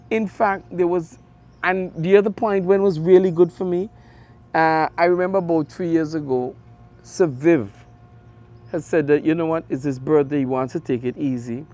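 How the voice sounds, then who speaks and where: A middle-aged man with an Antiguan accent, a radio sports host telling stories in an interview, animated with big jumps in his voice. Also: on the high side, moderate pace. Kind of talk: conversational interview storytelling.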